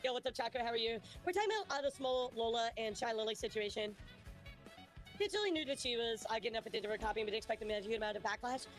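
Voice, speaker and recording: A woman's voice: fairly high pitch, racing, soft background music. A woman who is a native Russian speaker, a VTuber chatting on a livestream and answering her viewers' messages as she goes. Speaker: VTuber streamer.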